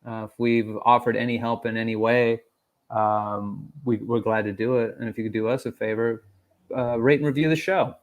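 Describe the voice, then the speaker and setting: A man co-hosting a comedy podcast, telling stories in a casual, profane and animated way. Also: medium pitch, moderate pace. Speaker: podcast co-host.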